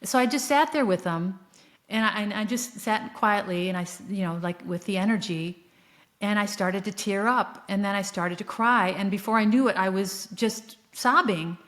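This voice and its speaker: A woman hosting her own podcast, telling a personal story in an earnest, reflective way, with soft laughs and frequent fillers. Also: mid-range voice, moderate pace. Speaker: podcast host. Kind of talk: solo spiritual podcast storytelling.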